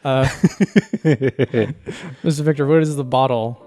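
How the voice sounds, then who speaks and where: A man's voice: medium pitch, fairly even intonation, unhurried, a little mellow, soft background music. A man hosting a casual podcast, opening the show and trading playful, jokey banter. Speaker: podcast host. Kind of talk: casual chat.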